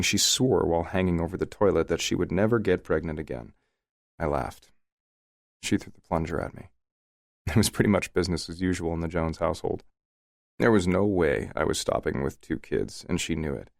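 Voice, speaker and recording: Deep gravelly man narrating romance. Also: brisk, no echo, studio quality. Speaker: audiobook narrator. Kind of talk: scripted first-person romance narration.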